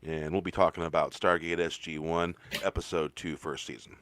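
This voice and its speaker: A male guest on an online roundtable, talking casually and haltingly with many fillers. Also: low voice, fairly even intonation, fairly bright tone, slight background noise. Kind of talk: casual chat.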